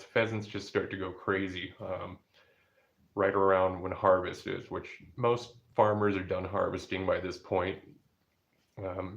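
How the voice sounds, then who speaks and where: A man's voice: sits low, vocal fry. A man chatting casually about outdoor trips and family, rambling with many fillers and restarts. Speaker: outdoor vlogger. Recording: dull lo-fi recording.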